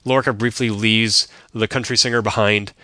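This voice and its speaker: A man's voice: fairly low pitch, steady tone, moderate pace, sharp tone, dry recording, clean studio sound. A man co-hosting a podcast, recapping an episode in casual chat with wry, joking asides. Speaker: podcast co-host.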